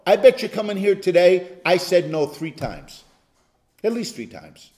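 Here a male pastor guides an interactive Bible study with emphasis and energy, occasionally bursting into loud cries. His voice is high and his delivery a little slow.

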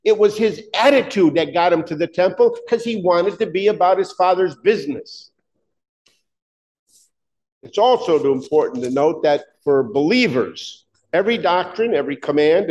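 A man's voice: high voice, expressive, normal speed, a little mellow. A man preaching a sermon in an emphatic, conversational way, asking his listeners pointed rhetorical questions.

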